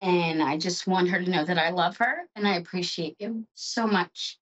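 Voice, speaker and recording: A woman's voice: fairly low pitch, steady tone, moderate pace. Effusive woman reading tarot cards. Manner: emotional, effusive and chatty. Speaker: psychic show host.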